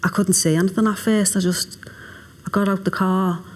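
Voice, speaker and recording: Flat-voiced mother, quietly halting. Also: mid-range voice. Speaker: mother of victim. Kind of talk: documentary interview recollection.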